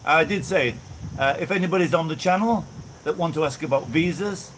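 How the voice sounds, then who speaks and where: A man's voice: fairly high pitch, a little fast, a bit bright, slight background noise, poor audio. A man from the Birmingham area with a mixed Birmingham accent, rambling casually on an outdoor live stream and greeting viewers by name. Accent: mixed Birmingham English with a little Maltese influence. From England (Birmingham area). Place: outdoors on a breezy day. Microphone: no clip-on mic, camera mic.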